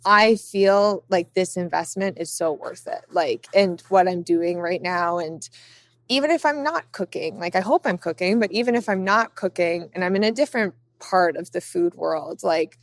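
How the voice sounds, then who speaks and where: As a podcast guest, a young woman with a lowish voice talks casually at a moderate pace, reflecting on her path. She's chatty and peppers her sentences with "like"; there's no room sound.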